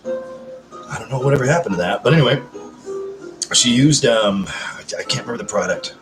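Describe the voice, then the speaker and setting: A man's voice: medium pitch, expressive, moderate pace. A man hosting a casual live chat, rambling, swearing freely and answering viewer comments. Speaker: livestream host. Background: background music.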